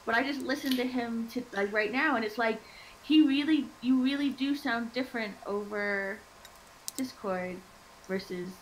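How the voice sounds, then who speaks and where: A woman's voice: a little high, normal speed, a little hiss or hum, low-quality recording. A woman chatting casually on a home stream, rambling with lots of fillers. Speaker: stream host. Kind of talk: casual chat.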